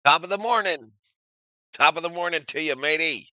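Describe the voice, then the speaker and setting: A man's voice: fairly high pitch, drawn-out words, a bit bright, no room sound, voice pushed up. A man voicing a jokey mock British man with a playful, exaggerated accent. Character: joking mock British man greeting people.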